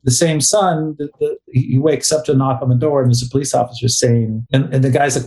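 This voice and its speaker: A man's voice: medium pitch, steady tone, a little fast, darkish tone. A middle-aged man co-hosting a casual book talk, rambling, restarting sentences and reading passages aloud. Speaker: podcast co-host.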